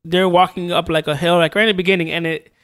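A man in a casual film discussion, talking haltingly with many restarts. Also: high-pitched, flat delivery, fairly bright tone, clean tone, soft background music.

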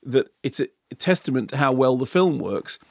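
Rambling gravelly British film critic. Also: male voice, mid-range voice, expressive, normal speed, no room sound, clean studio sound. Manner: rambling, restarts often, opinionated. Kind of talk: casual radio chat.

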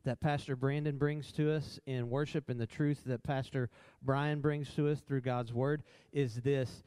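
A man's voice: mid-range voice, warm tone, clean tone, no room sound. A man co-hosting a church talk in a worship center, upbeat and affirming with a preacherly style.

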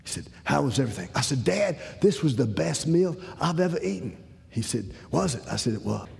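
A man's voice: medium pitch, brisk, gravelly. A man telling a personal story to an audience, acting out the dialogue. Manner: animated, acts out the dialogue. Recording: long hall reverb.

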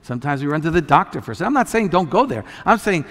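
Pastor preaching with long hall reverb. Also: male voice, fairly high pitch, sing-song, fast. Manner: conversational, many restarts, rises to loud emphatic peaks. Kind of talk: sermon.

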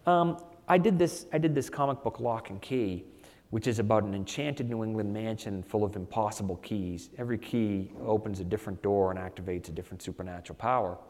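A man's voice: lowish voice, brisk. Storytelling male author, reverberant hall. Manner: animated anecdotes, frequent "you know" fillers. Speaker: author guest. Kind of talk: conversational storytelling.

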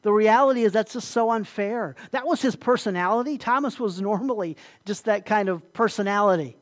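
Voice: mid-range voice, a little fast. Pastor, sermon delivery; emphatic, repetitive, asks the listeners questions.

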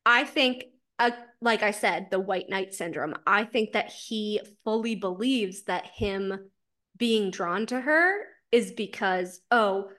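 A woman co-hosting a casual book podcast, animated, acting out characters' lines with frequent laughs and swearing. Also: mid-range voice, slow pace. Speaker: podcast co-host.

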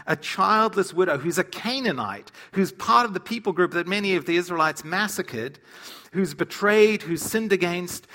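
A man teaching Bible stories in a lively, humorous way, acting out the characters' lines as he tells them. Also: a little high. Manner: animated storyteller who acts out quotes. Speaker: preacher.

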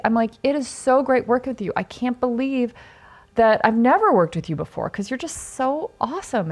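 A woman's voice: medium pitch, a little mellow. A woman hosting a podcast, telling stories from a film set in a chatty, rambling way, acting out what people said. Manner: chatty, rambling with many asides and acted-out quotes. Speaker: podcast host. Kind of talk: casual storytelling.

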